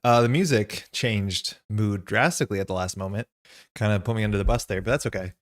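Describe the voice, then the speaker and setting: A man's voice: fairly low pitch, brisk. A young man hosting a live stream, out of breath and chatty, greeting viewers in the chat by name. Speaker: streamer and host.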